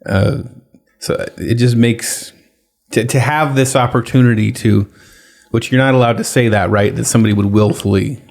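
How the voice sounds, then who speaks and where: A male podcast co-host banters casually with the others. His voice is gravelly and creaky. He speaks haltingly, with fillers and joking asides. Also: mid-range voice, steady tone, a little mellow.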